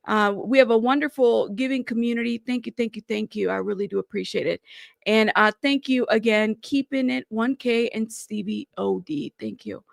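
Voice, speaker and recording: A woman's voice: a little high, moderate pace, vocal fry, dry recording, clean studio sound. A woman hosting a casual live stream from home, chatty and apologetic, constantly thanking her viewers and calling them "y'all.".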